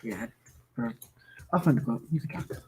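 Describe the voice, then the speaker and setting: A man's voice: medium pitch, animated, normal speed. A man chatting on a live recovery stream, joking and laughing at his own jokes. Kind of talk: casual livestream chat.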